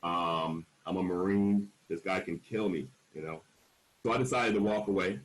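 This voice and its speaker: A man in his forties speaks in a somewhat low voice as a panel speaker, telling his own story frankly. He leans hard on key words and slips into the voices of the people he quotes. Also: normal speed, low-quality recording. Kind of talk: candid personal storytelling at a panel.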